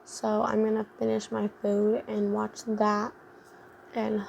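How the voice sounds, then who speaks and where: Gravelly-voiced young woman rambling through a story. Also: mid-range voice, monotone, slow pace, darkish tone, a little hiss or hum. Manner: rambling, full of fillers like "like" and "um". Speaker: vlogger. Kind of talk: casual storytime chat.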